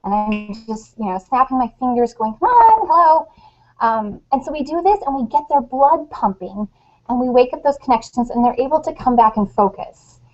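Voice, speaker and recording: A woman guest author chatting on a webcast, telling lively stories and acting out quotes. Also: on the high side, moderate pace. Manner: animated storyteller, acts out quotes. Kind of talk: casual webcast chat. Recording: dull lo-fi webcast audio.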